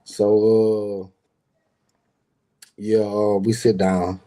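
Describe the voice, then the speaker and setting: Low mellow-voiced man telling a story. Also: drawn-out words. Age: adult with grown son. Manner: rambling, repeats words, lively quoting. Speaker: streamer telling a personal story. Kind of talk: casual storytelling monologue.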